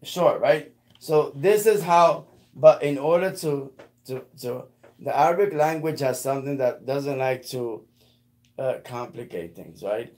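A man teaching a beginner one-on-one in a casual lesson, patiently repeating words slowly. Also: mid-range voice, darkish tone. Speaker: Arabic teacher.

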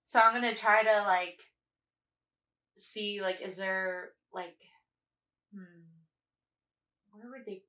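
A woman's voice: mid-range voice, fairly even intonation, takes it slowly, pauses often, pushed and bright. A woman player in a casual tabletop game, hesitant, with many fillers and frequent laughs. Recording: echoey room, distant mic.

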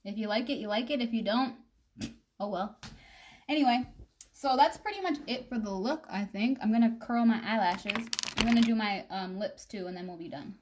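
A woman's voice: a little high, moderate pace, a little mellow, a little hiss or hum. A young woman chatting casually on a live makeup stream, rambling and addressing her viewers directly. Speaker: makeup vlogger.

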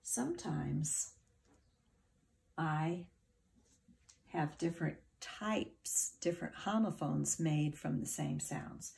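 A woman's voice: deep voice, slow pace, vocal fry, long pauses, darkish tone. A woman teacher giving a patient, encouraging phonics lesson to children, spelling words out letter by letter.

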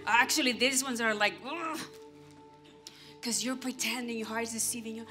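A woman pastor giving an animated sermon, acting out everyday scenes and talking straight to the congregation. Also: fairly high pitch, normal speed, over music. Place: church stage.

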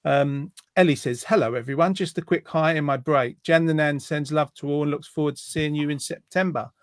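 A man's voice: fairly high pitch, a little fast, no echo, clean studio sound. A man hosting a casual online quiz show, reading out viewer comments in a jokey, rambling way. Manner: jokey, rambling, lots of ums. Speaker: host.

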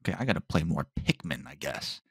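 A man's voice: extremely low pitch, big pitch swings, brisk, breathy edge, no echo. A man hosting a solo podcast, rambling and stopping himself mid-thought, in a dry tone that sounds sarcastic. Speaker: podcast host.

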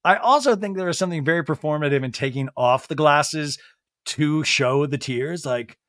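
A podcast host, a man, talks through a reality show episode for laughs. His voice sits high, and he slips into exaggerated impressions of the cast. The sound is dry and close. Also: normal speed, no echo. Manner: animated, jumps into campy impressions of the cast. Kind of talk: comedic TV recap.

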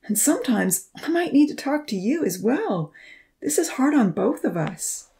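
A woman's voice: sits high, very animated, moderate pace, gravelly, mellow, pitched above the performer's own voice, exaggerated voice. A woman voicing an anxious, caring young male friend in a storybook, pleading and raised.

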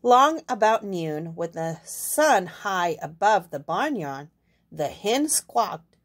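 Young woman, picture-book read-aloud, slow and expressive, asides to listeners. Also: mid-range voice. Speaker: storyteller.

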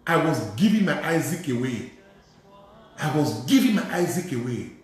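A priest preaching a sermon, telling a testimony with emphatic repetition and acting out the dialogue. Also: male voice, a little high, very animated, normal speed. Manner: emphatic, repeats phrases, acts out dialogue. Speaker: Catholic priest. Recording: very echoey hall.

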